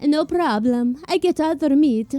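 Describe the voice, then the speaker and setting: A woman's voice: a little high, animated, very slow, dark tone, soft background music, full character voice. A woman voicing a stubborn elderly foreign woman customer who speaks in short, broken English phrases. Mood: matter-of-fact. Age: older.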